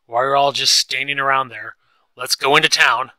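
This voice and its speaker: A man's voice: medium pitch, level tone, moderate pace, no room sound, low-quality recording. A man voicing an angry, domineering rich husband who barks and sneers. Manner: loud, barking, sneering.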